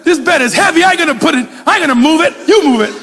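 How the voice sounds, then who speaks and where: A man voicing a frightened lone missionary who shouts in a high, frantic voice. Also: lively intonation, racing, slight background noise, heavily acted. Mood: defiant. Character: panicked lone male missionary, scared then bold. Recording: long hall reverb.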